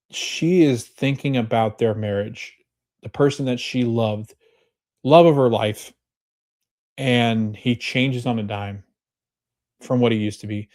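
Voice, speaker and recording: A man hosting a podcast, casually recapping a TV episode and retelling scenes as quoted dialogue, his voice jumping up when he gets excited. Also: medium pitch. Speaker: podcast host.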